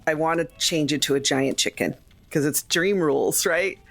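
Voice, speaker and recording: A woman's voice: low voice, normal speed, creaky, dry recording. A woman playing a tabletop role-playing game, speaking earnestly as her character. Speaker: player.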